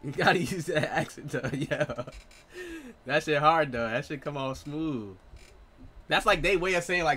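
A man in his late twenties giving excitable, profane live gameplay commentary as a streamer, trash-talking. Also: on the high side, moderate pace. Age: 20s. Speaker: gaming streamer.

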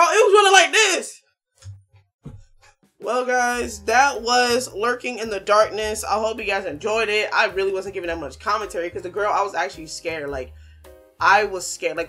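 Woman streamer, horror let's-play commentary, slangy, panicky repeats, mid-pitched voice, loud game music underneath. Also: breathy edge, low-quality recording. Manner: jittery, repeats panicked phrases over and over; casual slangy chatter with viewers. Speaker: gaming channel host.

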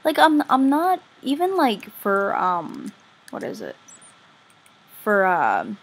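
A woman commenting casually on her own game play as a vlogger, chatty and easily excited, gushing over what she finds. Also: medium pitch, slow, husky. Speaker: gaming vlogger.

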